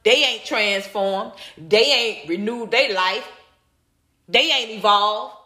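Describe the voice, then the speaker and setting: Speaking slowly in a mid-range voice with a sharp tone, a woman commentator rants bluntly on a livestream in reverberant audio. She reacts to viewer comments emphatically, repeats her points, and swears during the heated, casual rant.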